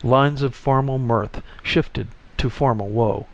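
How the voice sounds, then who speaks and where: A man narrating a story in a measured, even delivery, on a slightly muffled recording. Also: mid-range voice. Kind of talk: audiobook story reading.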